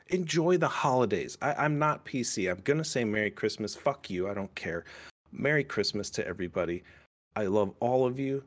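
A young man hosts a casual podcast chat in a fairly low voice. He rambles, trips over his words and swears without a second thought. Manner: rambling, swears freely, many restarts. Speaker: podcast host.

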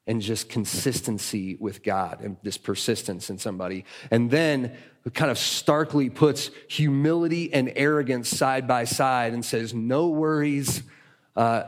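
A man as guest teacher giving a conversational sermon, retelling a story and voicing its people. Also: mid-range voice.

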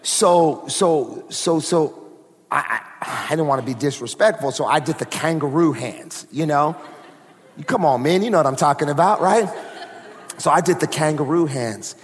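A man preaching in a church sanctuary, with a somewhat high voice that rings out into the long echo of a big hall. He tells his story in a lively, conversational way, often turning to the congregation with casual asides. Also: normal speed. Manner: conversational, animated testimony with asides to the crowd. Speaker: pastor. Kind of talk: storytelling sermon. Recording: long reverb of a large hall.

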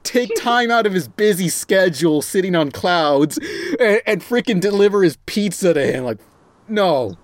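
Podcast host, male, high voice, rambling and profane, dry close sound. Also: lively intonation, moderate pace, no room sound. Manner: rambling, swears often, stumbles over words. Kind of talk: casual podcast chat.

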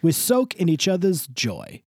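A podcast host puts on a pushy, hospitable caricature with a mock Italian-style accent, mangling grammar as it rambles. The pitch leaps around animatedly and the tone is a bit husky. The sound is dry and close. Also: wildly swooping pitch, measured pace, darkish tone, dry recording, exaggerated voice. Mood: effusive. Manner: effusive, rambling, laughs a lot. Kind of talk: comic character bit.

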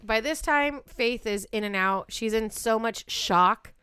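Female podcast co-host, blunt and profane true crime storyteller, crisp tone. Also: fairly high pitch, unhurried, bright, forceful tone. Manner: blunt, profane, builds to heated outbursts.

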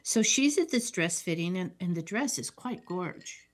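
A woman's voice: lowish voice, animated, moderate pace. A woman co-host in a casual chat, walking through an old film scene by scene. She keeps it matter-of-fact, with dry little asides. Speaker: podcast co-host.

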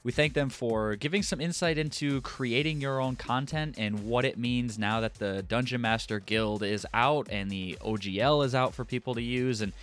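A man co-hosting a tabletop gaming podcast in casual chat, relaxed and repeating words as he starts sentences. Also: medium pitch, normal speed, few pauses. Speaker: podcast co-host.

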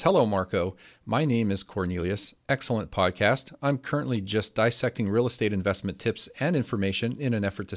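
A man hosting a podcast, answering a listener's question in a measured, explanatory way. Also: lowish voice. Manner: explanatory, measured, steady teaching tone. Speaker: podcast host.

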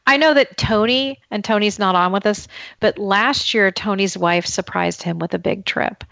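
Enthusiastic woman host, gravelly voice, dry sound. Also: mid-range voice, moderate pace, fairly bright tone, dry recording, dull audio. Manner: enthusiastic, leads the discussion. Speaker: podcast host. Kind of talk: casual podcast chat.

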